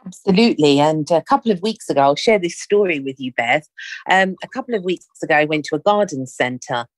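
A woman hosting a conversation, telling a story in a chatty, animated way and acting out the dialogue. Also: sits low, fairly quick, no room sound. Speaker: podcast host. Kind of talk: casual anecdotal storytelling.

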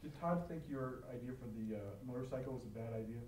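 A man asking short, quiet interview questions. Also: medium pitch, fast talker, low-quality recording.

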